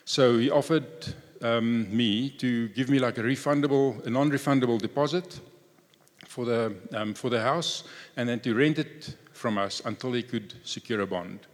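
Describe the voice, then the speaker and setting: A man's voice: mid-range voice, normal speed, in a large hall. A man sharing a personal testimony in a conversational storytelling way.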